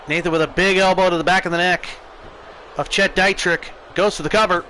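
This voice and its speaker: An American man streaming a wrestling video game, giving excitable play-by-play commentary. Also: high-pitched, slight background noise, rough recording. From United States.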